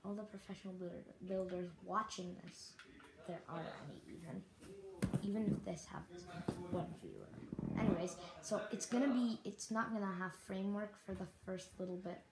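A young Canadian speaker giving rambling, apologetic let's-play commentary while building in a survival game. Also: female voice, lowish voice, big pitch swings, normal speed, vocal fry. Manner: rambling, self-deprecating, apologetic. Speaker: gaming YouTuber. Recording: echoey room with faint noise.

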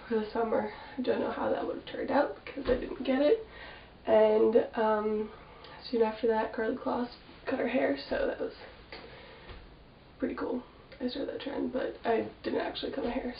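A woman's voice: on the high side, creaky. A woman with a cold and a nasal voice, chatting casually and rambling to camera with lots of fillers. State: has a cold, sniffling. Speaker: fashion vlogger. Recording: echoey room, mic at a distance, dull sound with faint hiss.

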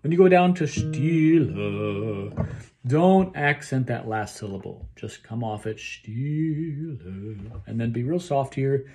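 A man's voice: medium pitch, normal speed, hardly any pauses, darkish tone, faint music behind. A man leading a choir rehearsal lesson, explaining phrasing and pronunciation and singing short bits of the lines. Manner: talks through phrasing, sings snippets of the text; ends points with a questioning okay. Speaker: choir director.

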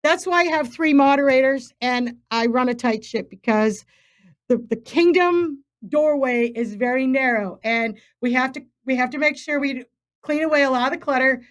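A woman's voice: high-pitched, normal speed. A woman minister and faith coach preaching on a livestream, emphatic and urgent, repeating phrases for stress.

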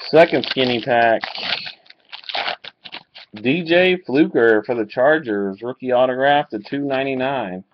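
A man opening trading card packs live and calling out each pull, reacting with excitement. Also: mid-range voice, a little slow, long pauses. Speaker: card breaker. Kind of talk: live card break commentary. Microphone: webcam mic. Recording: dull lo-fi webcam audio.

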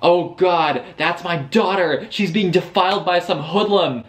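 A man's voice: high voice, unhurried, pitched above the performer's own voice. A man voicing a jealous, protective young father in a book recap, in an overwrought, mock-dramatic tone.

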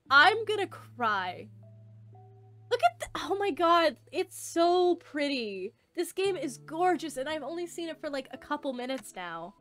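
A woman in her late teens giving excited let's play commentary, gushing, squealing and swearing. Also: fairly high pitch, moderate pace, faint music behind.

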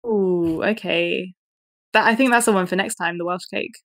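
A woman's voice: on the low side, normal speed, a bit bright, no echo, studio quality. A young woman co-hosting a podcast in casual chat, laughing often as she talks. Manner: giggly, laughs often, chatty. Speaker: podcast co-host.

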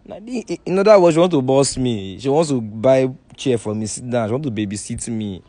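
A man with a Nigerian accent, a contestant in a comic blind-date skit, loud and mocking and talking over others. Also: mid-range voice, animated, brisk, no echo. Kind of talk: comic skit banter in Pidgin English.

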